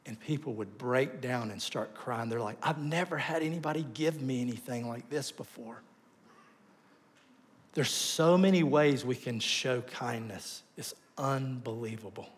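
A male pastor delivers a sermon in a voice of ordinary middle pitch. He tells stories with animated swings, rising into loud bursts and then dropping to soft, quiet asides. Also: a little slow.

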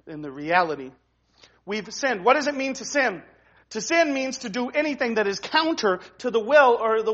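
Here a pastor preaches conversationally, frequently restarting phrases and checking in with "right?". He has a high, fairly bright voice, captured on dull audio.

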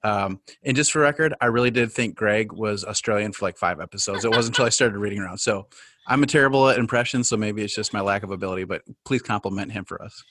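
A man's voice: on the low side, fast, fairly bright tone, dry recording. A man hosting a podcast, earnest and appreciative as he chats with his guest. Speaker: podcast host. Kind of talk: casual interview chat.

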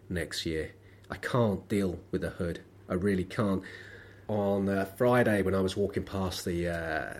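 This solo podcast host, a man who's a bit sick, rambles through wry everyday stories packed with fillers like um and uh. His voice sits low with a breathy edge.

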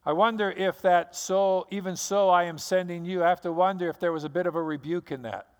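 High-voiced man preaching in a reverberant hall. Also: brisk, clear, resonant tone. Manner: dramatic storytelling, acts out scenes in an animated voice. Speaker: pastor. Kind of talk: sermon.

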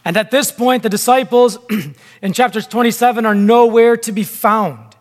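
A man preaching a sermon in a deliberate, emphatic way, with long pauses between phrases. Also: very high voice, fairly even intonation. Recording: long hall reverb.

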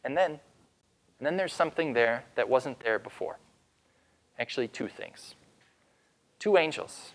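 A man preaching as pastor, retelling a story with dramatic pauses and slowing down for emphasis. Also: mid-range voice, lively intonation, fairly bright tone. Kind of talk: sermon.

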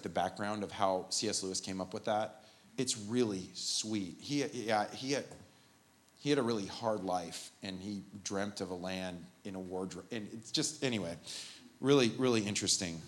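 Man preaching a lively sermon. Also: fairly low pitch. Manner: animated and informal, with asides and jokes. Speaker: pastor. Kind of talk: conversational sermon. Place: church service, live.

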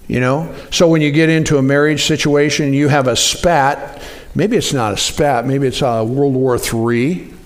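A man preaching a sermon in a conversational way, often asking the congregation to respond. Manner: animated, jumps up in pitch for acted-out quotes. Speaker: pastor.

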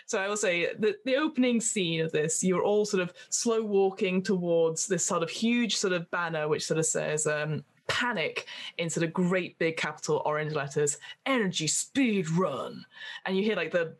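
Woman narrating as game master. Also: lowish voice. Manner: loose, hedging narration, says "sort of" a lot.

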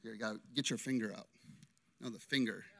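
A man preaching an interactive sermon, animated and constantly checking in with his listeners. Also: fairly low pitch, quick pace. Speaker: pastor.

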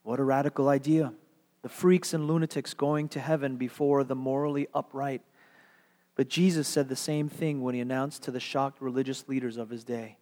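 A man's voice: mid-range voice, moderate pace, dark tone. A male pastor delivering a sermon with dramatic, earnest storytelling. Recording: long hall reverb.

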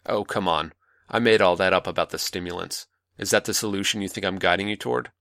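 A man playing a manipulative older male mentor, calm, patronizing and coaxing, in a dry close recording. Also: deep voice, quick pace, creaky, no room sound.

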